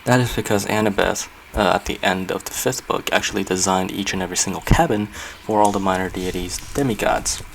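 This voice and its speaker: A man with a lowish voice talks through a building session in a loose, rambling way. He thinks aloud, corrects himself and fills gaps with "um" and "like". A faint hiss sits under the voice. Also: a little fast, creaky, few pauses, low-quality recording. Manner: rambling, chatty, thinking aloud with many fillers. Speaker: Minecraft builder and channel host. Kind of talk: casual gameplay commentary.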